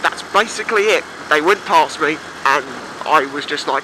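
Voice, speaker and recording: Young man, motovlogger, rambling storyteller, slightly high voice, helmet mic, loud engine rumble. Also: moderate pace, few pauses. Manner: chatty, rambling, sweary. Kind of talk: casual storytelling on a bike. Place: outdoors on a motorbike.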